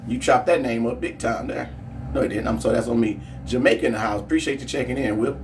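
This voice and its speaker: A man's voice: medium pitch, fast talker, background noise. St. Louis man, live-stream host, calls races with hype, recorded from a distance outdoors. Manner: chatty, hypes up races, shouts out viewers. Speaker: livestream host. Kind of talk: casual live commentary. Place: outdoors at a drag strip.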